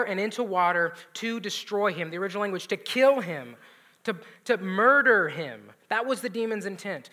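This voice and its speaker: A man preaching a sermon, swinging between loud emphatic lines and hushed, near-whispered asides. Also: sits high. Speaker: pastor.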